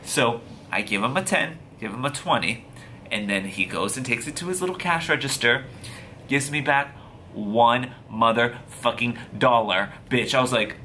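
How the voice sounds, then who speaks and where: Bright-voiced man telling a story. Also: mid-range voice, normal speed, slight background noise. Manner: profane, animated, slangy retelling. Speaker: vlogger. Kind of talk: casual storytelling to camera.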